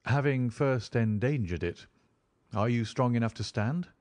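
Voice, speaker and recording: A man voicing a calm, commanding middle-aged detective in a storybook reading, measured and authoritative. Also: medium pitch, close to an everyday voice.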